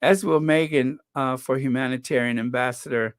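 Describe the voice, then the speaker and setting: A man's voice: mid-range voice, expressive, measured pace, a bit bright. A man hosting an online channel, chatting casually and reading out viewer comments with opinionated, mocking asides. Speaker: channel host.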